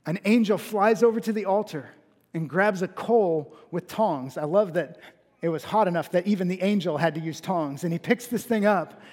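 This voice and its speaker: A man preaching a sermon in earnest. He builds to emphatic peaks and slows down on key phrases. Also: high voice, a little mellow, in a large hall. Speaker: pastor.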